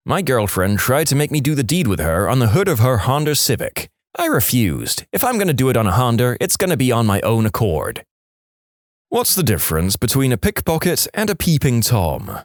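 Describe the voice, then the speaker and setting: A man's voice: medium pitch, no echo, clean studio sound. A man reading a string of jokes aloud as a storyteller, voicing the characters as he goes. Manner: lively, voices the characters. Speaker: joke storyteller.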